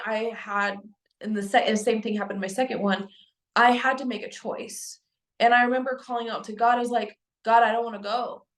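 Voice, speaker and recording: A young adult woman telling a personal spiritual story to camera in an earnest, halting way, with frequent restarts and fillers. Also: on the high side. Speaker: spiritual vlogger. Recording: echoey room.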